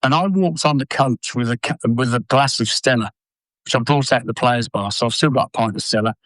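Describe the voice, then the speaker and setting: An older former footballer telling blunt, sweary stories in an interview. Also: male voice, mid-range voice, brisk, no echo, rough recording. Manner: blunt, sweary, animated anecdotes. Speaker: former footballer and manager, guest. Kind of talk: casual storytelling interview.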